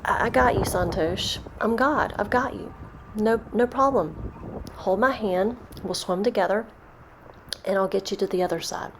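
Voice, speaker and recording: A kindly male god who speaks with calm, gentle reassurance, as a woman narrator puts him on. His voice sits at a middle pitch. A faint hiss stays under it. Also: measured pace, natural voice. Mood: reassuring.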